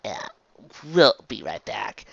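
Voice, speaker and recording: A woman's voice: takes it slowly, creaky, breathy edge, no room sound, lo-fi sound. A woman reviewing an episode in easygoing, chatty talk. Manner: chatty, easygoing, with lively swings in pitch. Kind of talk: casual review chat.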